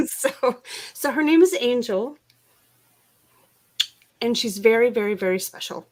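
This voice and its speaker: A middle-aged woman hosting a casual craft livestream speaks in a highish, expressive voice, taking her time. She's a talkative storyteller who laughs a lot and frequently starts sentences over.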